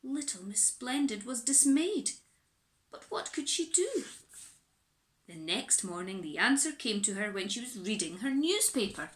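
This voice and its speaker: A woman reading a children's picture book aloud in an animated, expressive way, recorded in an echoey room. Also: on the high side, measured pace. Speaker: storyteller.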